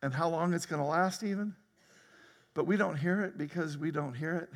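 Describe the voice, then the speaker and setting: A man preaching a sermon as pastor, talking conversationally, laughing often and breaking into sudden loud outbursts. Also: on the high side, moderate pace, big-room sound. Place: church sanctuary.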